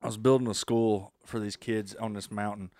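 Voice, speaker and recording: A man's voice: on the low side, steady tone, moderate pace, dark tone, no echo, clean studio sound. A man, co-hosting a casual podcast and telling a story full of swearing. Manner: profane, storytelling, laughs while telling. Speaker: podcast co-host. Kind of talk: casual chat.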